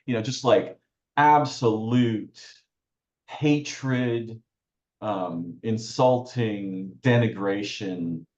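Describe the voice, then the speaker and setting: A man with a low voice speaks as a podcast guest, working through his ideas aloud and breaking off to restart phrases. The sound is roomy and somewhat dull, with a lo-fi edge. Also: slow, a little mellow. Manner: searching, self-interrupting, restarts phrases. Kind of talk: reflective conversational talk.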